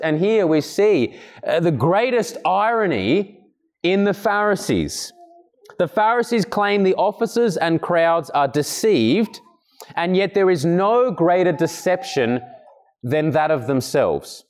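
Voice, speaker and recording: A man preaching an expository sermon, earnest and emphatic, occasionally clearing his throat between points. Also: expressive, moderate pace, darkish tone. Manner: earnest, emphatic, acts out quoted speakers with raised pitch.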